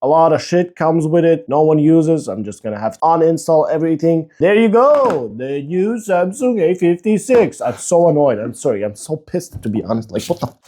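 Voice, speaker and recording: A man's voice: a little high, lively intonation, fairly quick, dark tone, a little hiss or hum. A man who runs a tech channel, chatting casually through an unboxing, rambling, swearing and mocking himself as he grows exasperated. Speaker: tech YouTuber.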